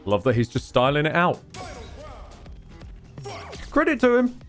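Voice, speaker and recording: Rambling British streamer, lively pitch. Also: male voice, unhurried, faint music behind. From Britain. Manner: rambling, self-deprecating, sweary. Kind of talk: casual gaming commentary.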